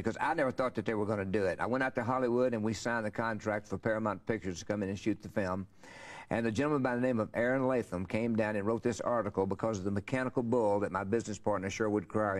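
A man's voice: fairly low pitch, fast talker. An older man, telling rambling, folksy stories as an interview guest. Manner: rambling, folksy storyteller with many fillers. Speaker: interview guest, country singer. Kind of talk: casual storytelling interview.

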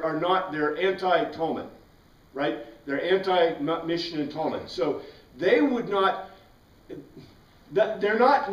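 A man teaching a Bible class, questioning his students and answering his own questions. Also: high voice. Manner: asks the class questions and answers them himself. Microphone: far from the mic. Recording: roomy, distant, dull classroom recording.

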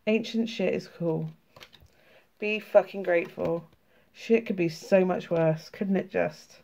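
This UK-based tarot and oracle card vlogger has a sore throat and reads oracle cards aloud during a casual flip-through. Her voice sits fairly low, slow and creaky yet mellow, as she laughs, chats and swears freely.

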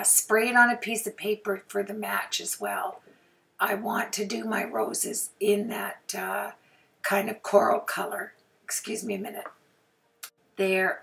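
A woman with a hoarse, sore throat chatting through a crafting tutorial voice-over, often clearing her throat and apologizing. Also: mid-range voice, fairly bright tone, far from the mic. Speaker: card-making crafter.

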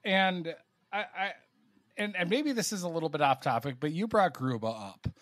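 A man's voice: a little high, moderate pace, no echo. Podcast guy, dry close mic, gets fired up and trips over his words. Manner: animated, stammering restarts. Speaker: podcast co-host. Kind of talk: casual sports podcast chat.

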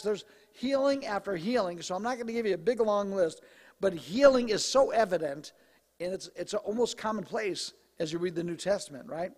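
A man preaching from the pulpit, his pitch sitting high for a male voice and a little hoarse. He talks to the congregation in a loose, joking way. The sound carries the long reverb of a church sanctuary. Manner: conversational, joking asides. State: slightly hoarse, clearing throat. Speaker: pastor. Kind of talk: sermon.

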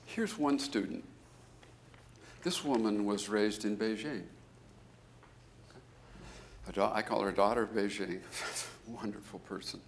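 A man, a business school professor, giving a conference keynote as an animated storyteller who jumps into high, emphatic bursts. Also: a little slow, long pauses, a little hiss or hum.

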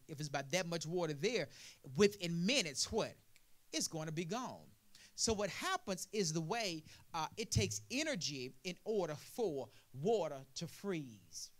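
A man preaching a sermon as pastor, throwing out "what?" prompts to the congregation and building to loud, emphatic passages. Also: fairly high pitch.

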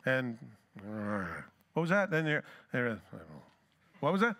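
A man's voice: mid-range voice, sing-song, slow pace, bright, forceful tone. A pastor preaching a sermon who asks his congregation rhetorical questions and acts out scripture dialogue.

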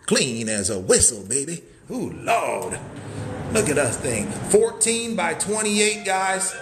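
Over a noisy background, a man with a high voice takes it slowly, his pitch swinging widely. He's hosting a hyped live sales stream from inside a wooden cabin, moving around and peppering the tour with hype-man catchphrases and sudden whoops.

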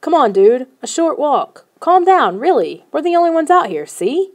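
A woman voicing a daring, excited boy who talks eagerly and shouts when scared in an audiobook. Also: high voice, normal speed, voice pushed up.

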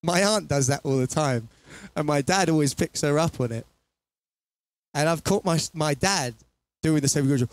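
A man's voice: on the high side, normal speed, no room sound. A man chatting casually and rambling between songs as he performs for an online audience from his small home studio. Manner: rambling, chatty, laughs at himself.

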